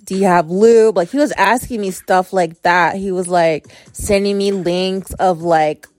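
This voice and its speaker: A woman's voice: fairly low pitch, measured pace, no room sound, faint music behind. A young woman in her twenties telling a frank personal story to her listeners in a chatty, candid way. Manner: chatty, candid, filler-heavy. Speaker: podcast host. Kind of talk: casual storytelling to an audience.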